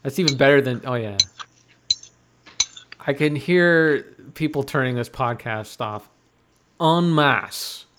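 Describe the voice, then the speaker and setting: A man's voice: mid-range voice, unhurried, pauses often, fairly bright tone, a little hiss or hum. A man from Canada co-hosting a podcast, answering teasing in a defensive, playful way. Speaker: podcast co-host. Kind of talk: casual podcast banter.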